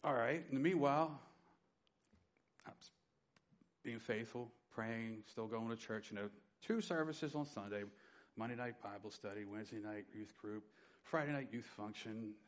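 A middle-aged man preaching a sermon, telling his personal testimony with dynamic swings from loud emphasis to quiet. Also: on the low side, normal speed. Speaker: pastor.

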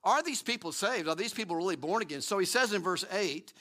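A man's voice: high-pitched, animated, fast talker, sharp tone. A middle-aged man preaching a sermon, emphatic, asking rhetorical questions and often repeating words. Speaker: pastor.

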